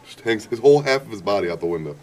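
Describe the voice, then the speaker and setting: A young man from the American Midwest, telling stories with quick laughs in a casual interview. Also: lowish voice, lively intonation, darkish tone, far from the mic, slight background noise. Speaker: interview guest, son.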